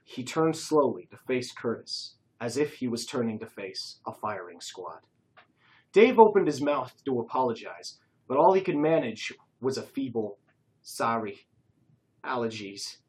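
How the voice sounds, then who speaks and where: A narrator reading a comic caper story aloud, expressive and lively. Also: mid-range voice, moderate pace, slightly rough, rough recording.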